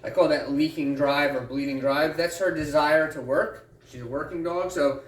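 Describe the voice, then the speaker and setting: A man's voice: on the high side, normal speed. A man who trains dogs, explaining patiently and in plain words during a training session. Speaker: dog trainer. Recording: echoey, distant mic, faint ambient noise.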